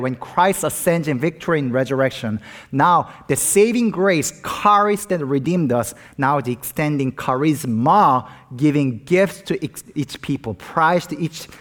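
A man pastor delivers a sermon in an earnest, animated manner, weaving in personal stories. His voice sits somewhat high for a man.

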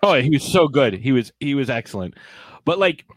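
A man's voice: mid-range voice, big pitch swings, fairly quick, dry recording. A man in casual, profane podcast chat, given to sarcastic impressions.

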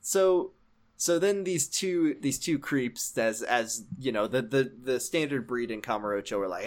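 A man co-hosting a podcast, retelling a game story in casual comedic chat and acting out the characters' lines with big jumps in pitch. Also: lively intonation, unhurried. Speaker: podcast co-host.

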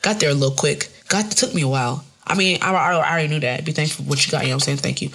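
Gravelly, husky woman podcaster. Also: low voice, rapid-fire, fairly bright tone. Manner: profane, rambling, laughing often. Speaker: podcast host. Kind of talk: casual solo podcast monologue.

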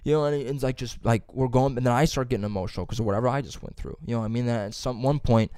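A young man chatting as a podcast co-host, telling rambling, profane stories and acting out quotes loudly. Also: medium pitch, racing, clear, resonant tone, dry recording, clean studio sound. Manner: animated, acts out quotes loudly. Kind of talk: casual chat.

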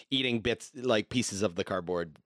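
A man's voice: fairly low pitch, fairly bright tone. A man playing a tabletop game, describing his character with amused laughter. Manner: slow, amused. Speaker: player. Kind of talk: tabletop role-play chat.

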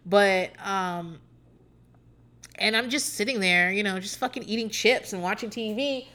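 A young woman from Virginia hosting a podcast, chatting casually, cursing freely, laughing a lot and acting out quotes in a high voice. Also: a little slow, pushed and bright. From Hampton Roads, Virginia. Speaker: podcast host. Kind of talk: casual storytelling chat.

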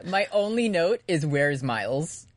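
A woman's voice: low-pitched, moderate pace, dry recording, clean studio sound. A woman co-hosting a casual recap podcast, joking and swearing as she chats. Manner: joking, profane, animated. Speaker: podcast co-host.

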